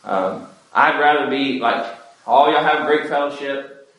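Male pastor, mid pitch, pleading sermon delivery, roomy church echo. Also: unhurried. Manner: earnest, pleading preaching with wide swings in loudness.

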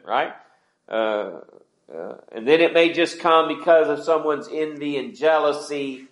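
Speaking slowly in a voice on the high side, a pastor gives a conversational sermon, asking his congregation questions along the way. It was recorded in an echoey church sanctuary.

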